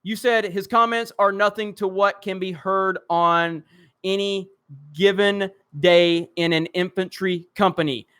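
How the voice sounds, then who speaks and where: High, bright-voiced Southern man streaming. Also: fairly even intonation, clean tone. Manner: joking, self-mocking, rushes through reading with restarts. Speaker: live stream host. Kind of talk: casual live stream chat reading comments.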